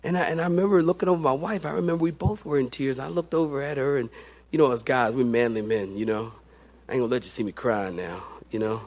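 Talking fast at a medium pitch, a middle-aged pastor delivers his sermon as lively storytelling. He moves back and forth between loud excitement and hushed tones.

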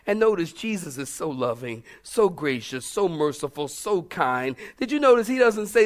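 Animated middle-aged man preaching. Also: high-pitched, normal speed, few pauses. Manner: animated, humorous, call-and-response with the congregation. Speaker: pastor. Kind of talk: sermon.

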